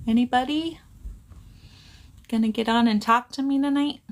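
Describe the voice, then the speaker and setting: A woman's voice: fairly high pitch, normal speed, pauses often. A middle-aged woman talks into her phone on a casual live stream, greeting viewers one by one and rambling about small things. Her delivery is loose, chatty and playfully silly.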